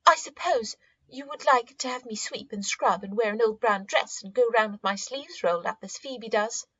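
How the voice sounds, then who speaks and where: A woman's voice: fairly high pitch, normal speed, a bit bright, husky, no room sound, pitched above the performer's own voice. A woman voicing a vain, easily flustered young girl who protests eagerly in a storybook reading. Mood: nettled. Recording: dull, muffled audio.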